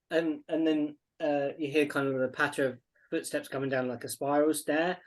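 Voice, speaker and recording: A woman running a tabletop game, narrating in a halting way with many pauses. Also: sits low, steady tone. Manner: halting, full of ums and laughs. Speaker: game master.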